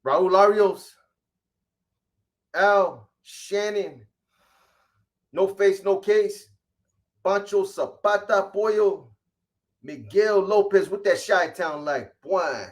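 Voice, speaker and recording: A man hosting a casual livestream, reading off viewer names in quick shout-outs and slangy greetings. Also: high voice. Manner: rattles off viewer shout-outs, slangy, calls people boy. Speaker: livestream host.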